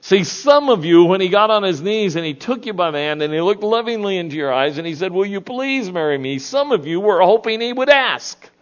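A man's voice: high-pitched, lively intonation, a little fast, few pauses, muffled recording. A man in his sixties preaching a sermon in a church, folksy, often asking the congregation questions. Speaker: pastor.

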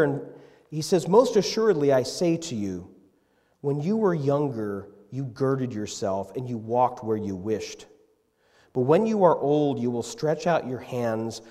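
Man preaching in an echoing hall. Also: mid-range voice. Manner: dynamic, swinging from loud emphasis to hushed tenderness. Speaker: pastor. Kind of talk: sermon. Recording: long reverb in a hall.

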